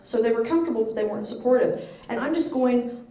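An American woman author telling stories to a live bookstore audience, lively and animated, laughing often. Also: on the high side, fast talker. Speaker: author at a book signing. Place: bookstore event room. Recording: echoey room, distant mic.

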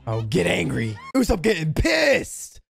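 A woman hosting an anime reaction channel, commenting live with excitable shouts, laughter, slang and lots of swearing. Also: fairly low pitch, measured pace, vocal fry, soft background music.

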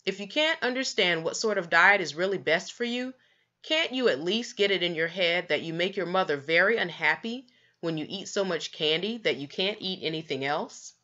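A woman's voice: on the low side, lively intonation, moderate pace, pushed and bright, dull audio. A woman voicing a father who reasons persistently with his son, in a storybook read-aloud. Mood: stern. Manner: reasoning and persistent, long lists.

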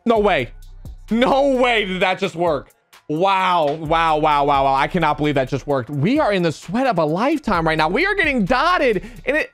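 A man's voice: sits high, no room sound. A young man giving live commentary over his own football video game match, talking to himself and the viewers, his voice jumping up when something goes wrong. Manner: excitable, talks to himself while playing, voice jumps up when outraged. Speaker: gaming video creator.

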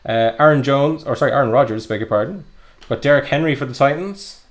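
Speaking quickly in a mid-range voice, a young card breaker narrates pack openings live. He sounds upbeat and conversational, leaning heavily on ums and uhs.

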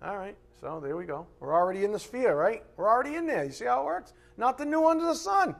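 Male pastor, slightly high voice, animated live sermon from the pulpit. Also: fast talker, creaky. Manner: animated preaching, reads scripture aloud, acts out God's voice in asides. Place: church sanctuary.

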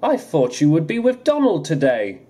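A man's voice: a little high, huge pitch swings, moderate pace, mellow, pitched above the performer's own voice. A man voicing a cheeky, easily annoyed little male tank engine who grumbles, over music. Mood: friendly. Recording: music playing under the voice.

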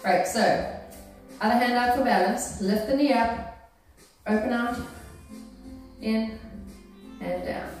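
A woman runs an exercise class, encouraging her students and checking in as she cues each move. Her fairly high, darkish voice comes slowly, with long pauses. The recording is from far off in a very echoey room, with faint music.

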